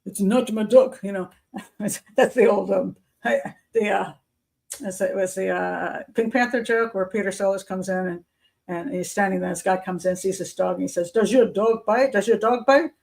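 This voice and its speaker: A woman's voice: mid-range voice, steady tone, moderate pace, vocal fry, darkish tone. An older woman hosting a live chat show, talking casually and rambling with many fillers and restarts.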